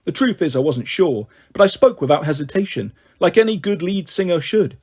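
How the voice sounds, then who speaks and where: A man reading a children's book aloud, lively and expressive. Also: a little high, brisk, breathy edge. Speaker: storyteller.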